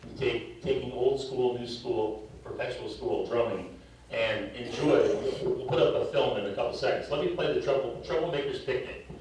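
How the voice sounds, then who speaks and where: A man's voice: mid-range voice, moderate pace, a little mellow, a little hiss or hum. Older man coaching drummers in echoing hall. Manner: coaching, counting off and storytelling. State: out of breath. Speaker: drum clinician. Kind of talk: live drum clinic teaching. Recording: distant mic in echoey hall.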